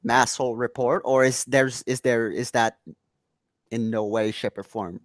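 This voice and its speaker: A man's voice: mid-range voice, fairly even intonation, a little slow, no room sound. A Canadian man hosting a podcast from home, chatting casually, rambling and laughing often while reading out chat comments. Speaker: podcast host. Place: home room.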